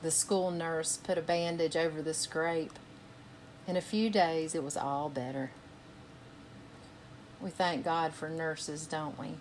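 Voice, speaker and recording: A woman reading a picture book aloud for children's storytime, pausing to ask her young listeners gentle questions. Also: low-pitched, steady tone, slight background noise. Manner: gentle, asks listeners questions between passages.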